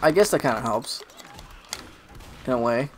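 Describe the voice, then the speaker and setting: A man with a sore throat, playing a video game with a friend and joking, yelling when startled. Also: medium pitch, animated, normal speed, slight background noise. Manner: joking, shouts in panic. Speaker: gamer. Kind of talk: casual gameplay chat.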